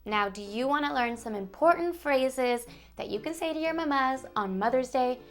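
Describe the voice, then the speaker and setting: This woman's high, animated voice moves at normal speed as she leads a bilingual Spanish lesson for toddlers, soft music playing underneath. Each syllable is sounded out with exaggerated care, slow and sing-song.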